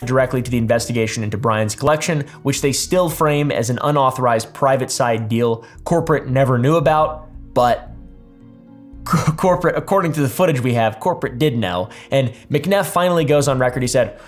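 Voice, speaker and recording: A man narrates a commentary script at a middle pitch, with wry, sarcastic asides. Faint music plays behind him. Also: brisk. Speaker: narrator of the reacted video.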